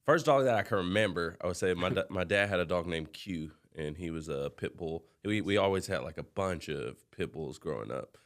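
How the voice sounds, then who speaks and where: Low-voiced, animated man. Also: brisk, hardly any pauses. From Southern California. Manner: loud, animated storyteller. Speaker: dog trainer, podcast guest. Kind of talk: casual storytelling.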